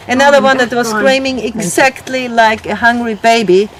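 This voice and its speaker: A woman, the founder of a wildlife sanctuary, explaining animals to a tour group in a lively, explanatory way. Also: on the high side, normal speed, hardly any pauses. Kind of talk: outdoor guided tour talk. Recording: crowd chatter and animals behind.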